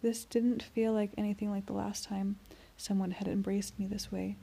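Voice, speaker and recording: A woman reading an amateur first-person audiobook in a soft, even voice that often drops toward a whisper. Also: medium pitch, moderate pace, creaky, slight background noise. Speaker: audiobook reader.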